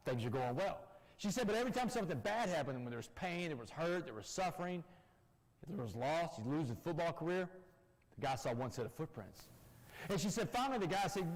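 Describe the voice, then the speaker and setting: Emphatic man with a lively voice. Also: a little high, brisk. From Texas. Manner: emphatic storyteller, addresses audience directly. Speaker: guest speaker. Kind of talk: personal testimony talk. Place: church hall. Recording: long church-hall reverb.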